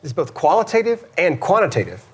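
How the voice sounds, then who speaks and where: Fast-talking husky male barista. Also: fairly high pitch, sing-song. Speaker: barista competitor. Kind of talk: rehearsing and casual chat.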